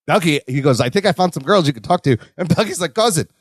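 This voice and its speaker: A man's voice: on the high side, lively intonation, fast talker, dry recording, studio quality. A man co-hosting a podcast, chatting casually and animatedly as he recaps a sitcom episode, laughing often. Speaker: podcast co-host.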